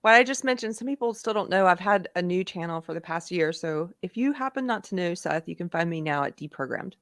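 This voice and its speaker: A woman on a podcast panel, telling stories in a casual, expressive way. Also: lowish voice, a little fast, dry recording, clean studio sound.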